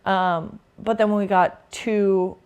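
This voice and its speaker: A woman's voice: medium pitch, fairly even intonation, takes it slowly, a little mellow, clear, resonant tone, dull audio. A young woman, a beach volleyball player, casually recounting a trip with a friend and laughing often. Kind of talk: casual storytelling chat.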